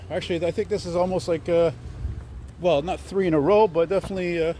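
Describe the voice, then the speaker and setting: Walking outdoors along a city street with light traffic humming, a Canadian man talks to a handheld camera in a chatty, digressive vlog heavy with fillers. He speaks fast, in a high, warm voice with fairly even intonation.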